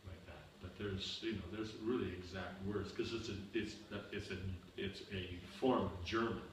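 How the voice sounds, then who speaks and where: A man's voice: low voice, steady tone, moderate pace. Echoey, distant man teaching a seminar. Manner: explains with repeated examples and frequent "you know" and "you understand?". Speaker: spiritual teacher answering seminar questions. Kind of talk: seminar Q&A lecture. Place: seminar room. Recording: echoey room, far from the mic, faint noise.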